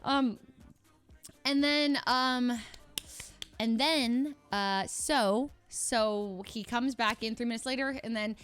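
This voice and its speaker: Young woman streamer rambling through a story, kinda high voice, laughing a lot, does little voices for people. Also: slow, smooth, soft background music. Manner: rambling, animated, acts out quoted people in a higher voice; laughs often while telling the story. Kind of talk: casual storytelling.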